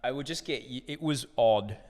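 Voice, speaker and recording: An Australian man in his forties, a broadcaster guest telling animated, profane stories in a casual interview. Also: mid-range voice, moderate pace, a little hiss or hum. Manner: animated, profane, acts out other people in anecdotes. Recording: echoey room with long reverb.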